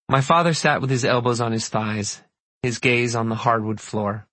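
Husky male audiobook narrator. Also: mid-range voice, fairly even intonation, moderate pace, bright, forceful tone, no echo. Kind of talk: audiobook narration, first person.

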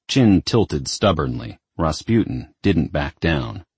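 A man narrating an audiobook with expressive storytelling. His voice is very deep and husky, with a lively rise and fall, recorded dry and close. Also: a little slow, dry recording.

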